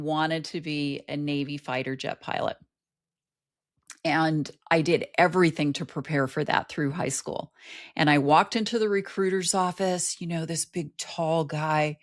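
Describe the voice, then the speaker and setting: A middle-aged woman, a life coach, talking earnestly as a guest in an interview and telling personal stories. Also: on the low side. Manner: earnest storytelling. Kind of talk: conversational interview.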